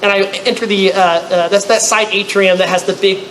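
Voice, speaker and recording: A man telling a comic story to a live convention audience, acting out other people with loud, high-pitched outbursts. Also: steady tone, brisk. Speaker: convention panelist. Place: convention panel room. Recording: echoey room, faint noise.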